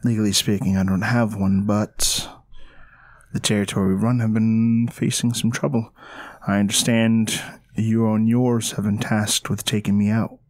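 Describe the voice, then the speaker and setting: A man voicing a guarded, low-voiced female vampire gang leader in a tabletop game, in a dry, guarded manner. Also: flat delivery, moderate pace, a little mellow, no echo, close to an everyday voice.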